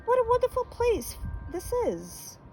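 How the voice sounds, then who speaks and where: Woman plays wide-eyed storybook boy mouse, high squeaky pitch, lively pleading tone. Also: unhurried, faint music behind, exaggerated voice, poor audio. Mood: wondering. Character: small curious boy mouse, eager and wondering.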